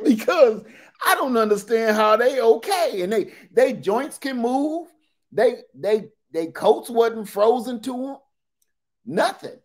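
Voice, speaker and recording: A man in his forties, a livestream host telling animated, joking stories in casual talk. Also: very high voice, slow pace.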